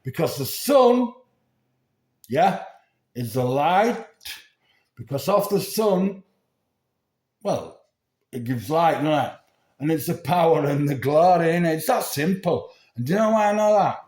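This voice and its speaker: Older English man in his sixties, slow rambling vlogger, fairly high voice, echoey room. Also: lively intonation, darkish tone. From England. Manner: rambling, sweary, keeps checking in with "yeah?". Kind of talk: rambling monologue to camera.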